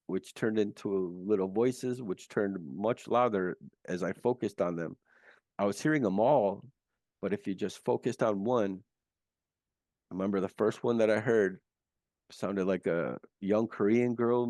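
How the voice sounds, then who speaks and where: Earnest low-voiced man on a video call. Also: a little mellow, no echo, studio quality. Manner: earnest, halting, many restarts. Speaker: guest. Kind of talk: recounting a near-death experience.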